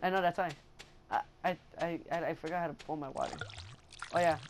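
A young man chatting excitably while playing a game and narrating his own moves, on a noisy home recording. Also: a little high, fast. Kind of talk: casual gameplay chat.

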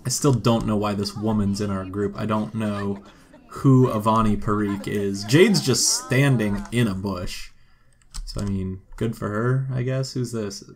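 A man's voice: fairly low pitch, steady tone, measured pace. A man giving casual, joking gameplay commentary and talking to the game characters as he plays. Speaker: gameplay video host.

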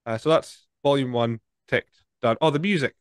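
A man's voice: medium pitch, moderate pace, clear, resonant tone, dry recording. A man hosting a podcast over a video call, chatting easily and rambling a little with restarts. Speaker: podcast host. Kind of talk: casual interview chat.

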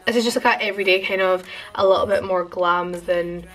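A woman's voice: fairly low pitch, fairly even intonation. Chatty young woman vlogging in her attic. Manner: fast, chatty, self-deprecating with fillers. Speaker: beauty vlogger. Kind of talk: casual get-ready-with-me chat. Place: attic bedroom. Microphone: camera on boxes at bed's end.

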